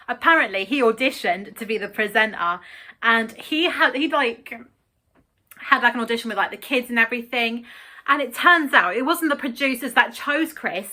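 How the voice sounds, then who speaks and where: A chatty woman vlogging about a children's TV presenter, with a high, bright voice. She giggles often and scatters "like" all through her casual talk. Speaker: YouTuber. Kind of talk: casual vlog chat.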